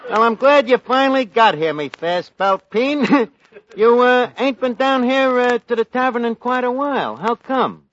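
A man's voice: extremely high pitch, expressive, normal speed, muffled recording, noisy background. An actor playing a wisecracking male tavern manager with bad grammar, in 1940s radio comedy. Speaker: host. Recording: old radio broadcast with live audience laughter.

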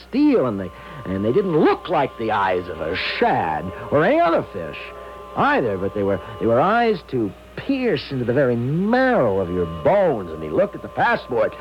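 A man's voice: medium pitch, wildly swooping pitch, moderate pace, lo-fi sound, soft background music. An actor playing a timid, nervous young man who stammers and hesitates, in old-time radio acting. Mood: nervous storytelling.

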